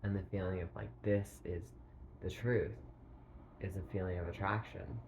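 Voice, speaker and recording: A man thinking aloud in a rambling philosophical monologue, halting and full of filler words, often clearing his throat. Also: low-pitched, fairly even intonation, a little mellow, slight background noise.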